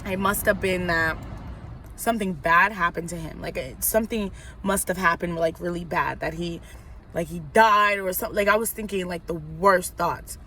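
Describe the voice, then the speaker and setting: A woman's voice: on the low side, moderate pace, bright, forceful tone, slight background noise. A young woman from New York vlogging a personal story in a casual, rambling way, full of likes and you knows.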